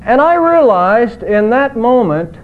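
High-voiced preaching man, tinny audio. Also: sing-song, slow. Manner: earnest preaching, emphatic rises on quoted words. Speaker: pastor. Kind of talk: sermon.

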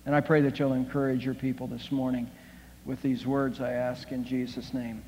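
A male pastor leading an earnest, halting prayer during a sermon. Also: medium pitch, flat delivery, darkish tone. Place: church sanctuary. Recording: long hall reverb.

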